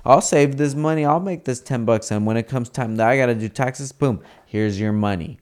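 A man's voice: medium pitch, normal speed, darkish tone, clear, resonant tone. A man in casual podcast chat, talking brashly and profanely and mimicking people in his stories.

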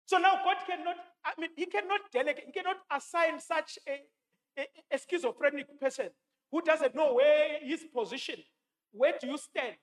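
A man delivers a sermon in a notably high voice. He talks emphatically, quotes scripture and repeats his key lines for weight. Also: moderate pace, fairly bright tone. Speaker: preacher.

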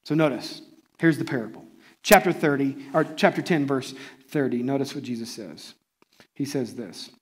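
A man preaching a sermon in a conversational, animated way, often checking in with listeners. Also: mid-range voice, moderate pace. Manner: conversational, animated, often asks the audience "right?". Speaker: pastor.

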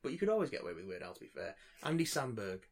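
A man's voice: mid-range voice, sing-song, racing, gravelly, crowd noise. A man co-hosting a casual podcast, reading listener emails aloud with joking asides. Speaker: podcast co-host.

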